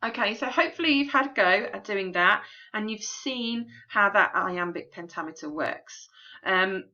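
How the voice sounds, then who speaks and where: A woman teacher talks through a poem for a recorded remote lesson, patient and clear with plenty of ums. Her voice is bright and forward. The sound is a little dull and lo-fi, like a home recording. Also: medium pitch, expressive, normal speed. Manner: clear, patient classroom explaining with frequent ums.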